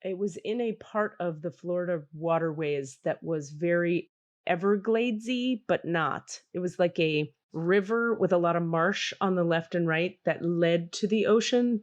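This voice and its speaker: A middle-aged woman hosting a podcast, telling a story in a casual, animated and self-mocking way. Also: lowish voice, normal speed, lo-fi sound. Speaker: podcast host.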